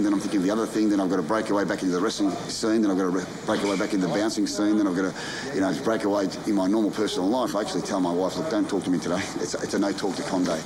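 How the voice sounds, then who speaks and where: Blunt deep-voiced Australian man. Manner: blunt, forceful talk with mild swearing. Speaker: wrestling promoter. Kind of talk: documentary interview.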